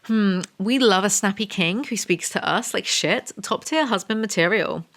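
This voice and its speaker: A woman's voice: medium pitch, moderate pace, fairly bright tone. A young woman giving a sarcastic, profanity-laced book review, mocking the story as she reads from it. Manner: sarcastic, swears freely.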